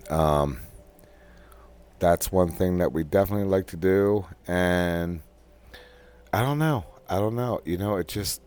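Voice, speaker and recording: Deep-voiced man, slow and rambling, easygoing monologue, with the hiccups. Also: steady tone, a little mellow, clean tone. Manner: rambling with many ums and restarts. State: has the hiccups. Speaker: podcast host. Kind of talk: casual personal monologue.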